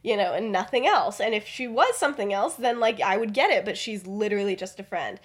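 A man's voice: sits high, animated, a little fast, fairly bright tone. A woman voicing a laid-back teenage boy wizard who talks casually and pleads.

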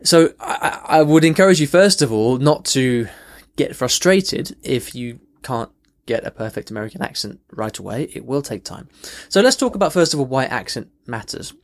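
A man's voice: mid-range voice, animated, moderate pace. A man hosting a language-learning podcast, answering a listener's question earnestly with frequent restarts and emphatic rises. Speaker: podcast host and language coach.

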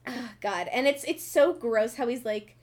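A woman's voice: fairly high pitch, a little slow, a little mellow. A young woman in a casual book chat, talking animatedly with laughs and swearing. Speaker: co-host.

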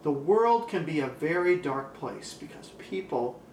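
A man preaching a sermon as pastor, emphatic and repeating key phrases, slowing down for weight. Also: fairly high pitch, animated, darkish tone, echoey room, a little hiss or hum, rough recording.

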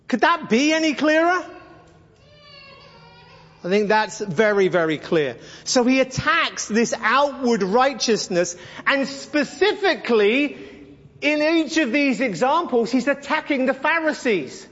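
High-voiced man preaching bluntly in a hall. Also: animated, a little slow, a bit bright. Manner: blunt, sarcastic, mimics voices for effect. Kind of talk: sermon-style Bible teaching. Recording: dull recording with long hall reverb.

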